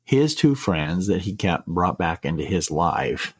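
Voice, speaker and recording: A middle-aged man with a deep, low voice tells a personal story on a podcast. He speaks earnestly and haltingly, often stopping to restart a phrase. The recording is dry and close, with no room sound. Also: big pitch swings, breathy edge, no room sound. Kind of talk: casual storytelling.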